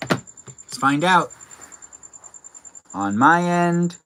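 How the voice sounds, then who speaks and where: Man, live streamer, bright voice, chatty, reads out comments. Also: fairly high pitch, lively intonation, drawn-out words, smooth, rough recording. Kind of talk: casual live-stream chat.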